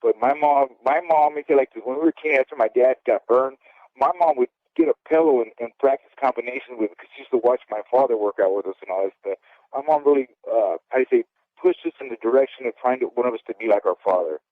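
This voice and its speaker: Man, 50s, ex-boxer, candid rambling storyteller, middle pitch, dry narrow phone-line sound. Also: fast talker, dry recording. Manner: candid, rambling, says "okay?" often. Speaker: former boxer, guest. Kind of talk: storytelling interview.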